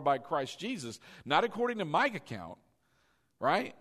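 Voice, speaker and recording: A man preaching a sermon as pastor, animated and coaxing his congregation to repeat lines after him. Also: a little high, measured pace.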